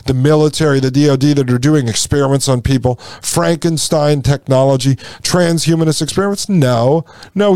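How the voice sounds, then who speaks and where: Gravelly sarcastic male podcast host. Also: fairly high pitch, a little mellow, dry recording. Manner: sarcastic, ranting, reads excerpts then mocks them. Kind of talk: political commentary monologue.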